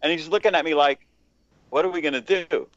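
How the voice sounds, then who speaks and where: A man swaps stories on a casual podcast, profane and animated as he builds the tale. The sound is a bit dull and dry, with no room around it. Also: on the high side, fairly quick, no room sound. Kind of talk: casual storytelling.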